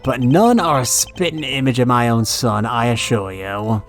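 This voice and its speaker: A man's voice: mid-range voice, moderate pace, soft background music, close to an everyday voice. A man voicing a flustered middle-aged male witness in a courtroom game, with a put-on accent and a stammering, defensive manner.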